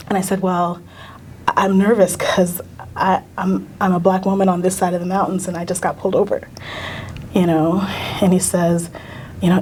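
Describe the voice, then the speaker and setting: A middle-aged American woman, a teacher and union leader, recounting a personal experience in a halting, earnest way with many fillers and restarts. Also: medium pitch, little pitch movement, a little mellow, a little hiss or hum. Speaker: union council president, teacher. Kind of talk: personal storytelling in a recorded conversation.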